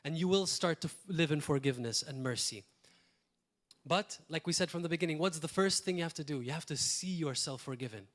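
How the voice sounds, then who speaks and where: A man's voice: fairly high pitch, a little fast, fairly bright tone. A male pastor, preaching a sermon in a conversational way, with repeated phrases and short asides. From Malta.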